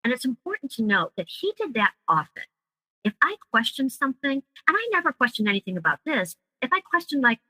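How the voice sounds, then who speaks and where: A woman's voice: high-pitched, sing-song, a little fast, bright, forceful tone, slightly rough, dry recording, rough recording. A woman guest telling her own story in an interview, emotional and vivid, acting out the words of others as she recounts them. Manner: emotional storytelling, acts out quoted dialogue. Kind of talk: personal account in an interview.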